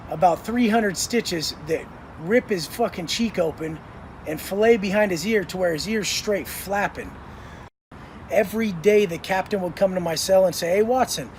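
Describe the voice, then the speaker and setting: A man's voice: sits high, a little hiss or hum. A man telling prison stories in an intense, blunt monologue, swearing heavily. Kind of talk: profane storytelling monologue.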